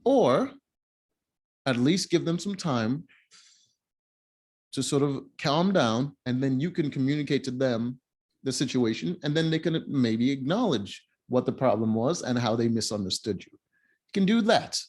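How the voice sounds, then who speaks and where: A man's voice: medium pitch, animated, measured pace, darkish tone, breathy edge. A man giving casual, opinionated commentary while reviewing a reality show, blunt and mocking.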